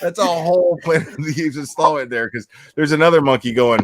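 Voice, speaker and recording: A man co-hosting a casual livestream chat, animated and joking with plenty of swearing. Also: a little high, a little fast, a little hiss or hum. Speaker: podcast co-host.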